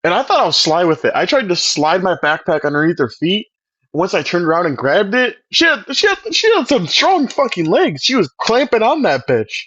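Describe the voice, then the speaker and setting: A young man with a fairly high voice tells rowdy school stories in loose, casual chat. He laughs a lot and swears freely. The recording sounds dull and lo-fi. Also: big pitch swings, a little fast, fairly bright tone, dry recording.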